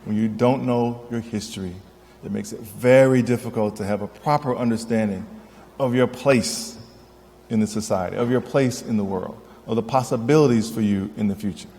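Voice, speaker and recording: A man speaks earnestly to a gathered audience, often tagging his points with "right?". His voice sits low and mellow. The sound carries the long reverb of a large hall. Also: normal speed. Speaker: historian speaker. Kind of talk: public lecture. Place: event hall.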